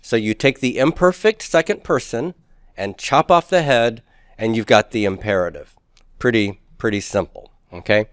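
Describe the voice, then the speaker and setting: A man's voice: mid-range voice, normal speed, smooth, no room sound, clean studio sound. A man teaching a recorded grammar lecture, explaining step by step and putting questions to the class, with folksy asides.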